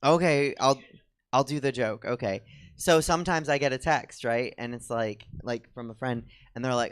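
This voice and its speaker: A man's voice: mid-range voice, normal speed, clear, resonant tone. Giggly self-mocking man chatting onstage. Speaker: comedy show co-host. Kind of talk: rambling stand-up style chat with the audience. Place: comedy theater stage.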